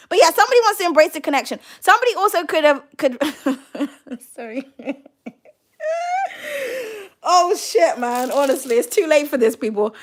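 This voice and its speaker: A British woman giving a casual tarot reading, brash and profane and quick to laugh. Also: high voice, lively intonation. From United Kingdom. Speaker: tarot card reader.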